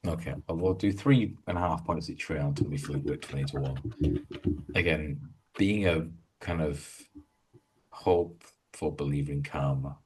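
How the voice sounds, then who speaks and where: A man's voice: rumbling low, normal speed, darkish tone, a little hiss or hum. A man co-hosting a casual golf podcast, rambling and jokey as he talks through his betting tips. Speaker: podcast co-host.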